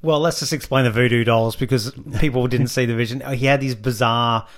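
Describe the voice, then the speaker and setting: A man's voice: medium pitch, steady tone, a little fast. A man with an Australian accent co-hosting a casual chat show, talking in a chatty way with playful asides. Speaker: podcast co-host.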